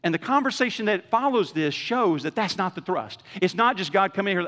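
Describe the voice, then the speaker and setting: A man preaching a sermon in a conversational way, swinging from loud emphasis to hushed lows and acting out quoted speech. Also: animated, brisk, hardly any pauses, long reverb tail. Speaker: pastor.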